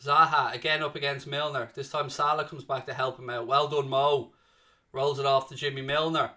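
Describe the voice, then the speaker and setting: A man's voice: medium pitch, normal speed. A young man hosting a live fan watchalong, calling the play and chatting with viewers in between. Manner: chatty, excitable play-by-play, reads chat messages aloud. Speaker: watchalong commentary host. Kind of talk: live fan commentary and chat reading.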